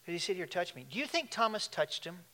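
Man, pastor preaching, animated, laughing asides, fairly high voice. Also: fast talker. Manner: animated, laughing asides, shifts between loud and hushed. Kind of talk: sermon.

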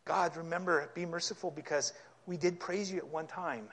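A man preaching a sermon, reading scripture aloud and explaining it, his delivery growing impassioned until he is nearly yelling. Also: fairly high pitch, steady tone, normal speed. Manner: impassioned, rising to yelling at times.

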